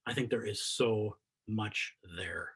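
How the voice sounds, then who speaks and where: Husky-voiced man giving a spiritual talk. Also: fairly low pitch, slow. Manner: earnest, animated, rising to emphatic questions and dropping to soft endings. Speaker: meditation teacher. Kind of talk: spiritual talk over video call. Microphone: video call.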